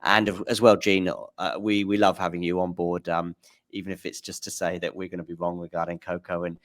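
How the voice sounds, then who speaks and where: Deep-voiced man hosting a livestream. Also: little pitch movement, fairly quick. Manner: rambling, thanks the chat by name. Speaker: host of a tennis talk stream. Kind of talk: casual livestream chat.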